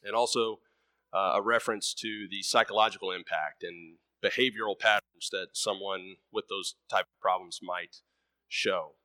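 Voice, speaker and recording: A man's voice: deep voice, steady tone, moderate pace, sharp tone, no room sound, studio quality. A man preaching a sermon in a conversational way, full of ums and uhs, who tells a story and lightly acts out its voices.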